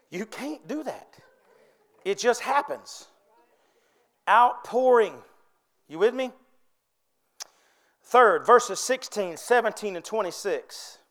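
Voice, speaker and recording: A male preacher with a very high voice delivers a fervent sermon. He keeps calling out to the congregation and drawing them in. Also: expressive, slow, pauses often, fairly bright tone. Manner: fervent, calls out to the congregation for responses.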